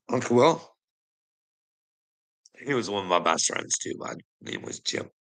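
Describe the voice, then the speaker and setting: A man from Canada talking in a casual, rambling monologue, swearing often and trailing off quietly at the ends of phrases. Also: medium pitch, sing-song, slow, rough recording. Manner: rambling, heavy swearing, frequent "you know what I mean". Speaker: vlogger.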